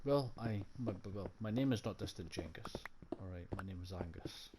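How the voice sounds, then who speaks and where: A man's voice: low-pitched, moderate pace. Scottish man rambling profanely, noisy recording. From Scotland. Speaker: gaming vlogger. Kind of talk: casual chat while playing a game. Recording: loud background noise.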